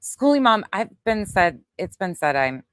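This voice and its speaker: A woman's voice: medium pitch, big pitch swings, measured pace, fairly bright tone, no room sound. Blunt woman livestreaming outdoors. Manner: blunt, swears, greets chat names. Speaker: livestream host. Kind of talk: casual livestream chat with viewers. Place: outdoors at night, windy.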